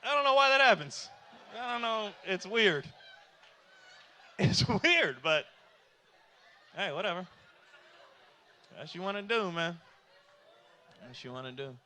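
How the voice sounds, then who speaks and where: Bright high-voiced male stand-up comic. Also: slight background noise. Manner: loose and conversational with many fillers; asks the audience rhetorical questions. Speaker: stand-up comedian. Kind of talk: stand-up comedy.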